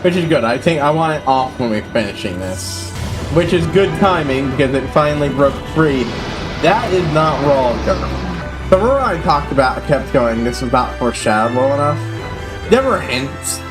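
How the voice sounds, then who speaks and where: A man streaming a video game and giving casual, excitable commentary, swearing freely. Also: fairly high pitch, moderate pace. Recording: voice filter, music behind.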